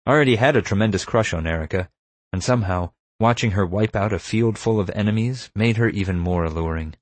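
A man narrating an audiobook in a wry, measured storytelling manner. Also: lowish voice.

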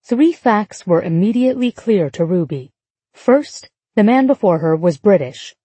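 Husky, dark-voiced woman narrating an audiobook. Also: mid-range voice, expressive, measured pace, dry recording. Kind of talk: scripted narration.

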